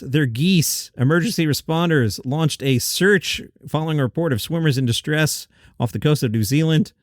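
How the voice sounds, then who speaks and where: A man's voice: fairly high pitch, no room sound, clean studio sound. A man hosting a light news round-up, chatty with joking asides. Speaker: host. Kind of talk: upbeat news round-up with jokes.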